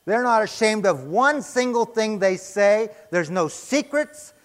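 A male preacher with a high voice gives an emphatic sermon, rattling off rhetorical questions and then answering them himself. He speaks expressively and without hurry, and a long reverb tail trails his voice through the church sanctuary.

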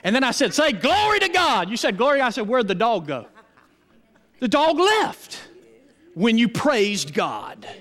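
A man preaching in a church with a strikingly high voice that swoops all over. He works the congregation in call-and-response, emphatic and animated. The sound hangs in a long hall reverb. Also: unhurried. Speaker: pastor. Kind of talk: sermon.

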